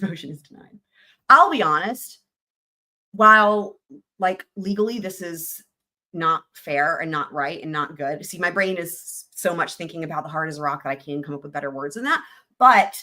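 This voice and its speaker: Reading court documents aloud on a relaxed livestream, this host has a lowish, sharp-toned voice. She's jokey and giggly, her lines frequently dissolving into laughs.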